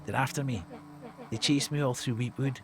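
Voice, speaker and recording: A Scottish man reading a game aloud and voicing a cursed boy in hiding, with a low, quiet and resentful delivery. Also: fairly even intonation, normal speed, close to an everyday voice. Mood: bitter. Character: bitter cursed boy in hiding, dejected and angry.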